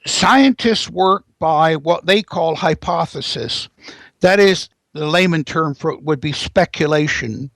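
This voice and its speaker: A man's voice: on the high side, unhurried, creaky, a bit bright, no room sound. A man speaking as a guest expert in an interview, explaining at length in a lecturing way and pressing his points with rising emphasis.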